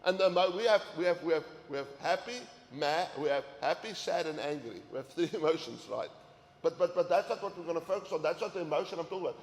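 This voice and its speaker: In an echoey hall with faint ambience, a men's ministry teacher delivers an earnest, sermon-style talk to men, often repeating words to drive his point home. His voice sits on the high side, with lively intonation and a quick pace.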